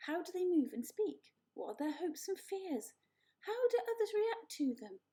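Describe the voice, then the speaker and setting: A woman's voice: extremely high pitch, big pitch swings, moderate pace, mellow, voice pushed up. A woman voicing a chatty, theatrical female opossum in a storybook reading, talking in a dramatic, gushing way. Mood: encouraging.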